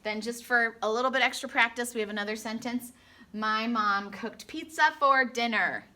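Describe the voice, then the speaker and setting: A woman teaching a phonics lesson to young children in a slow, sing-song teacher voice, stretching out sounds and adding playful asides. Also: fairly high pitch. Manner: animated, with gasps and playful asides. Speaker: elementary school teacher.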